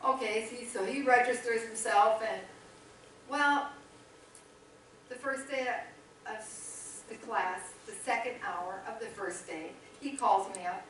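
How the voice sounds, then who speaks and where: A woman's voice: fairly high pitch, slow, slight background noise. Chatty middle-aged woman in an echoey church. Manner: animated, chatty storytelling with quoted dialogue. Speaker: missionary guest speaker. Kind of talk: storytelling testimony in a church service. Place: church sanctuary. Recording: echoey church hall, voice from a distance.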